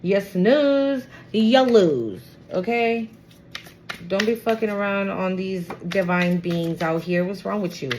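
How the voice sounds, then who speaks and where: A woman giving a casual tarot reading to the camera, animated and profane, often exclaiming and acting out the people she describes. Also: mid-range voice, takes it slowly, noisy background. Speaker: tarot reader.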